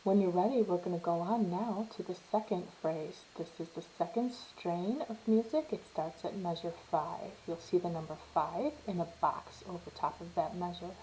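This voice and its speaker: A woman's voice: fairly low pitch, moderate pace, few pauses, a little hiss or hum, low-quality recording. A woman teaching a step-by-step piano lesson, patiently explaining and counting beats aloud while she plays. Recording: soft piano playing behind her.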